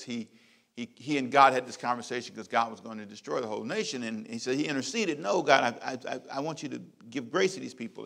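A middle-aged man, a pastor, preaching a sermon with emphatic repeated phrases and big swings in loudness. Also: medium pitch, gravelly.

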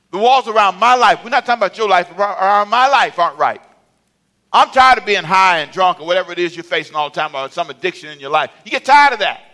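A man's voice: on the high side, sharp tone. An older man preaching a sermon, rising in emphasis and calling for answers from the congregation. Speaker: pastor.

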